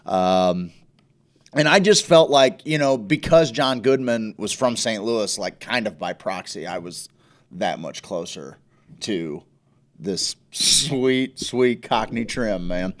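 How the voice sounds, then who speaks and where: A lower-pitched man from Indiana hosts a loose livestream podcast, talking in a rambling way full of "uh"s and restarts, with the occasional curse dropped in. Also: expressive, a little slow. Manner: rambling, filler-heavy, profane. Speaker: podcast host. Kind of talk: casual livestream chat.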